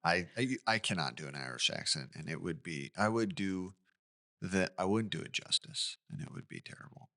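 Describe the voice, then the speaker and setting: A man's voice: low voice, lively intonation, normal speed, sharp tone. A man co-hosting a podcast, recounting a true-crime case in casual chat with asides and questions. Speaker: podcast co-host.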